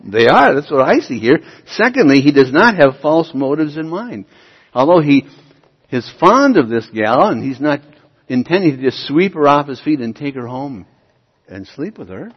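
A male pastor preaches an emphatic sermon, pressing listeners with questions and building to loud, forceful peaks. His voice is on the high side, very animated and breathy-edged at a moderate pace, ringing through a large hall with long reverb on a dull, muffled recording.

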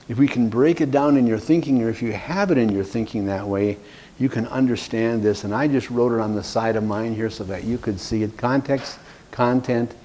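A man teaches a class in an earnest, plain way, doubling up words to stress them. His voice sits at a middle pitch and has a warm, mellow color. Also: a little hiss or hum. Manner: earnest, repeats words for emphasis. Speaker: evangelism trainer.

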